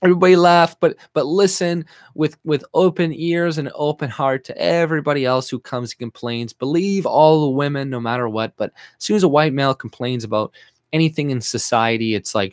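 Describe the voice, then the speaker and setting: A man's voice: a little high, brisk, no room sound, studio quality. A man from Canada, a YouTuber, ranting angrily and sarcastically as he reacts to an article he reads aloud, with lots of swearing. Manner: profane, sarcastic, mocking. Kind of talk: angry reaction rant reading out an article.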